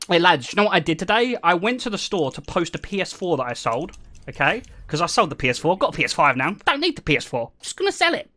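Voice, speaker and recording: A man's voice: sits high, sing-song, fairly quick, sharp tone. A British man streaming, telling casual stories to his chat, joking, swearing freely and laughing often. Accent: British English. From Britain.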